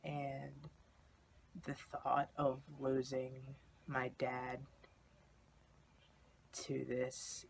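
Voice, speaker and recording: A man's voice: medium pitch, vocal fry, a little hiss or hum. A young man candidly telling a personal story in a vlog, in a confessional way. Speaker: vlogger.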